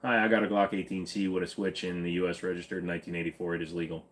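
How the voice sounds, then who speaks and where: A man's voice: sits low, flat delivery, racing. A man hosting a casual livestream, joking as he reads and answers viewer comments. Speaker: livestream host.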